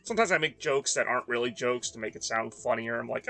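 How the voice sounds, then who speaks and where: A man's voice: medium pitch, fast talker, vocal fry, hardly any pauses, sharp tone, slightly rough, soft background music. A man from the Northeast US, tired and rambling in casual chat while streaming a racing game. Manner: rambling, self-deprecating, mumbly asides.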